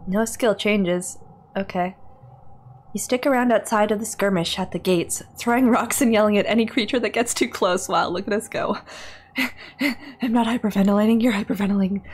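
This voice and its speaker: A woman reading a text game aloud on a livestream, excitable and nervous, laughing often and dropping into whispers. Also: mid-range voice, normal speed. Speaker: streamer.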